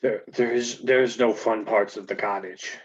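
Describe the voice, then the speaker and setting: A man's voice: on the low side, steady tone, normal speed, a little hiss or hum, lightly acted. A man voicing a devoted gingerbread man servant who stammers and turns defensive. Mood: nervous. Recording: muffled lo-fi recording.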